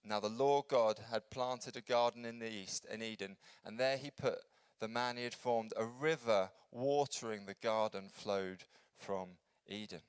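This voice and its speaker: Earnest man preaching with a smooth voice. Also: fairly even intonation, a little slow, dry recording. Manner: earnest, builds up then drops to a soft low voice. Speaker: pastor. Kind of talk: sermon. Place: church.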